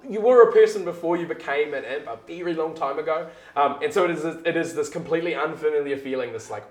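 A man's voice: a little high, echoey room. A man narrating as game master in a rambling way, full of fillers.

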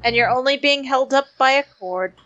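Female tabletop player, high pitch, playful, dull lo-fi recording. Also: moderate pace, a crowd in the background. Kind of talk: tabletop game chat. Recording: dull lo-fi mic.

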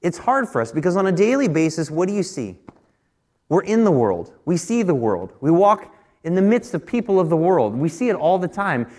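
Higher-voiced male pastor telling a story. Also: very animated, normal speed, a little mellow. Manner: conversational storytelling, repeats words when restarting; rises in pitch and force when pressing a point. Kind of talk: sermon.

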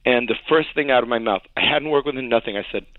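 A man, a songwriter guest in an interview, telling stories in an animated way, acting out quotes and laughing often. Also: mid-range voice, fast talker, no echo. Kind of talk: storytelling interview. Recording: tinny phone-like dry sound.

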